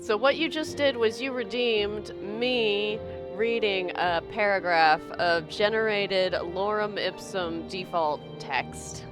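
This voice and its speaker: A woman's voice: medium pitch, takes it slowly, over music. A young American woman streaming a game, chatting casually with her viewers and laughing often. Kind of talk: casual live-stream chat while playing.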